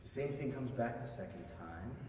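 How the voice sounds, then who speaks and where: A man conducting a master class, coaching a singer with animated remarks and sung demonstrations. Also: medium pitch, moderate pace, a little hiss or hum. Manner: animated, sings phrases to demonstrate. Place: concert hall. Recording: echoey hall, voice from far off.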